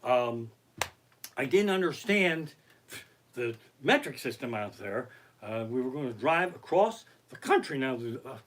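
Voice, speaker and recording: Brief: high, bright-voiced man doing stand-up stories at home, swearing freely, very animated. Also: breathy edge. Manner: profane, animated anecdotes. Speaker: comedian. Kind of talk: stand-up storytelling on a live stream. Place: his living room. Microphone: basic home setup.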